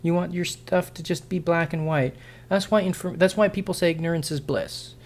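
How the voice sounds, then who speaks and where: A man's voice: a little high, moderate pace. A man vlogging an unscripted opinion monologue, frustrated and sarcastic, rambling with frequent restarts and self-corrections.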